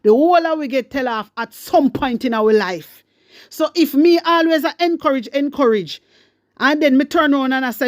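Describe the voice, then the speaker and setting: Jamaican woman vlogger, high voice, dry close sound, fervent and preachy, speaks straight to her followers. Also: normal speed, no room sound. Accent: Jamaican Patois. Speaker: online commentator. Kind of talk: impassioned political commentary vlog.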